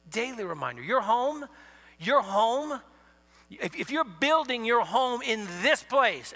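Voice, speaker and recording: A man giving a sermon in a university chapel, animated, swinging from quiet to loud. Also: sits high. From Ohio. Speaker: chapel speaker. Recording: reverberant chapel hall.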